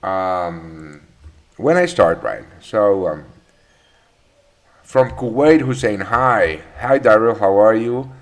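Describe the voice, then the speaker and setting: A man hosts a live trading session at an unhurried, slow pace. His voice sits a little low. He greets viewers one by one and talks casually, with plenty of fillers and restarts. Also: expressive. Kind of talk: live trading webinar chat.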